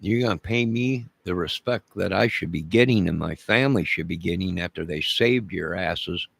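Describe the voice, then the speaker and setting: Man, angry profane rant, repetitive demands, gravelly, dry voice. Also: low voice, moderate pace, a bit bright, no room sound. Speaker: vlogger.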